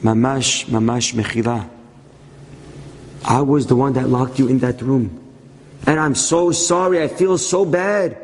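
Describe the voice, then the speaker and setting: A man's voice: medium pitch, a little slow, long pauses, voice pushed down, close to an everyday voice. A man voicing a remorseful man who humbly asks for forgiveness. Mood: contrite. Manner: soft, contrite, pleading. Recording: long hall reverb.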